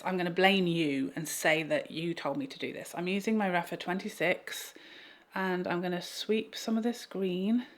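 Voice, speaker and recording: A woman vlogging a makeup tutorial at home, chatty and self-mocking as she talks straight to her viewers. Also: lowish voice. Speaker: beauty vlogger. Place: home room with a fan.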